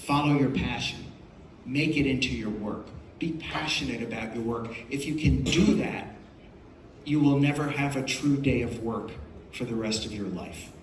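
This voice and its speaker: A man's voice: mid-range voice, normal speed, slight background noise. An older man giving an emphatic, storytelling speech to an audience as a film producer at a festival. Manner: storytelling, emphatic, repeats phrases for effect. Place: large hall at a festival. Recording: echoey hall, voice from far off.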